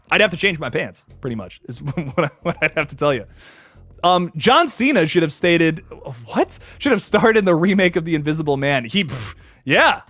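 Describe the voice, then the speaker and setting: A man hosting a horror livestream, chatting casually and reading viewer comments, excitable and profane, laughing often and swinging from low mumbles to loud bursts. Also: no echo.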